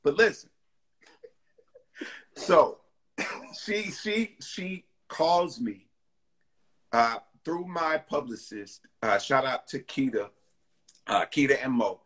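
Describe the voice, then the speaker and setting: A man, a singer being interviewed, chatting casually and telling lively stories. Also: medium pitch, slow, long pauses. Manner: lively storytelling, acting out other people's lines. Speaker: singer guest.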